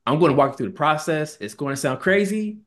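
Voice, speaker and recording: A man's voice: fairly high pitch, fast talker. A man co-hosting a casual podcast, telling a story animatedly and quoting the people in it. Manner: animated retelling, quoting people in put-on tones. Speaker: podcast co-host.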